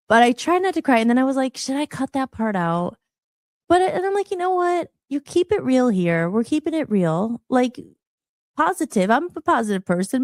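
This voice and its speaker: A woman's voice: mid-range voice, darkish tone, no echo, clean studio sound. A woman hosting a live podcast, chatting casually and openly, rambling and often restarting her sentences. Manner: rambling, chatty, self-interrupting. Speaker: podcast host. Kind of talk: casual live-show chat.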